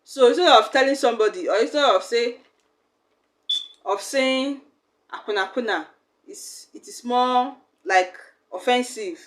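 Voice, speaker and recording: A woman's voice: on the high side, unhurried. A young woman, teaching a language lesson in a chatty, explaining way. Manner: chatty, acts out little quoted exchanges.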